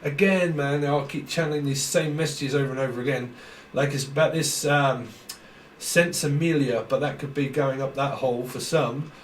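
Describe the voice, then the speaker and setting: A man's voice: mid-range voice, normal speed. A man with a British accent giving a casual, rambling tarot reading, thinking aloud and laughing often. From Britain. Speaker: tarot reader. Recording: roomy echo, slightly distant mic, faint noise.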